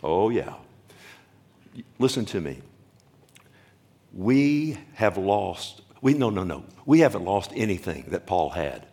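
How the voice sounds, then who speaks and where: A man with a somewhat low voice delivers a sermon from the pulpit. He preaches emphatically, hammering home repeated phrases and asking the congregation to answer back. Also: very animated, slow, long pauses, warm tone, husky. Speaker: pastor.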